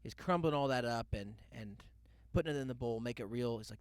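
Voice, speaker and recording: A man's voice: medium pitch, fast, no echo. A young man hosting a podcast, telling a loose comic story full of asides and mock quotes. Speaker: podcast host. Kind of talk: rambling comedic monologue.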